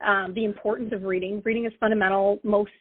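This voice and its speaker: A woman who leads a nonprofit, a guest on a radio interview, speaking earnestly with small pauses. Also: mid-range voice, little pitch movement, slightly rough, no echo. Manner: warm, earnest, uses "um". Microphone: phone call. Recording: tinny dry phone line.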